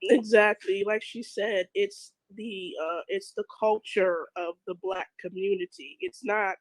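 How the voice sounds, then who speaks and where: Woman guest, voice rough from a cold. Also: mid-range voice, steady tone, measured pace, no echo, low-quality recording. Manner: agreeable, laughs easily, talks in restarts. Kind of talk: casual chat.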